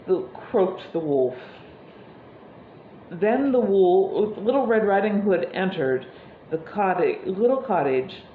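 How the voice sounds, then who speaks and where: A woman's voice: mid-range voice, animated, slow, a little hiss or hum. Woman preacher telling a story. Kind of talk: sermon storytelling. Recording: echoey room, slightly dull sound.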